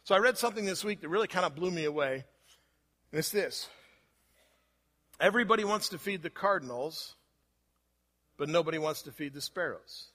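Male pastor, conversational sermon delivery, bright tone, recorded in a church with long echo. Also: fairly high pitch, animated, brisk, long pauses. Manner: conversational preaching with rhetorical questions. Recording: long hall reverb.

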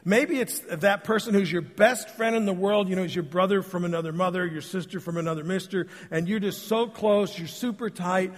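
A man preaches in an easygoing, conversational way, joking with the people in front of him as he tells stories. His voice sits a little high for a man. The sound carries a long reverb from a church sanctuary. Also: brisk, few pauses. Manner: casual, joking, addresses the congregation directly. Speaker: pastor. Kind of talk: conversational sermon with storytelling.

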